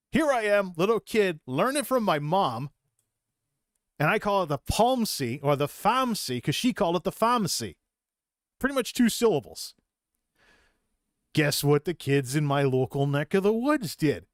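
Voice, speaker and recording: A man's voice: on the high side, no room sound. A man with a slightly raised voice recounts his past in a loose, rambling vlog monologue. He is self-deprecating and often restarts his sentences. The sound is close and dry, with no room around it. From Massachusetts. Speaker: vlogger. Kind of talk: personal storytelling monologue.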